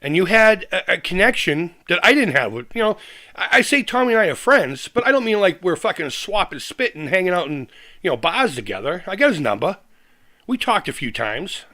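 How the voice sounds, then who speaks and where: A man's voice: high voice, sharp tone. A man on a live stream, angrily ranting with heavy swearing, repeating himself and restarting sentences. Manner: angry, profane, fired-up. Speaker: retro gaming YouTuber.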